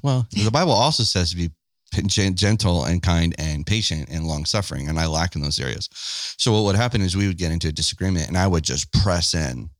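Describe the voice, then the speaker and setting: A man with a deep, low voice chats on a podcast beside his wife. He is candid and pokes fun at himself, acting out old arguments as he goes. The sound is dry and close, with no room echo. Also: animated, a little fast. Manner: candid, self-deprecating, acts out past conversations. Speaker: podcast co-host. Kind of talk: casual couple's podcast chat.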